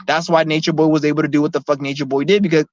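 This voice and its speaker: Rapid-fire and flat, with a fairly high pitch, a vlogger unleashes a confrontational, profane rant to camera, bluntly repeating himself through many restarts. The sound is dry, dull and lo-fi, without echo.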